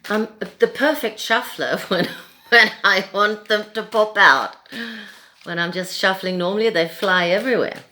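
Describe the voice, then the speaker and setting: Slow, soft-spoken Swedish woman. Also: medium pitch, slight background noise. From Sweden. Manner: soft-spoken, gentle, chuckles between remarks. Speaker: tarot reader. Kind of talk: casual tarot reading.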